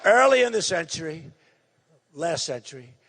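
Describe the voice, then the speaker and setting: A man in his sixties giving a campaign rally speech, loud and repetitive, hammering his points with emphasis. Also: fairly high pitch, big pitch swings, moderate pace, gravelly, long reverb tail. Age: 60s. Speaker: political candidate.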